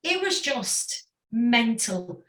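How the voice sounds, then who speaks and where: A woman's voice: a little high, drawn-out words, far from the mic. A woman guest on a podcast, telling stories animatedly and laughing often. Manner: animated, laughs often, acts out voices in anecdotes. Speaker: podcast guest, former girl-band singer. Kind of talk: casual storytelling interview. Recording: echoey room, voice off-mic.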